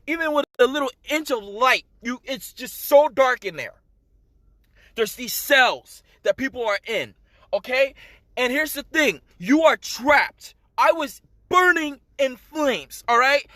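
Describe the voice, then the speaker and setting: A man's voice: very high voice, bright, forceful tone, no echo. A man urgently telling a personal testimony to the camera, emphatic, with many fillers and direct appeals to the listener. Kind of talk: emotional first-person storytelling.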